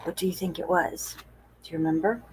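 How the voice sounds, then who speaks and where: A woman reading a picture book aloud to children, gentle and expressive, asking the children questions. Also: on the low side, a little fast, slight background noise. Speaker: storytime reader.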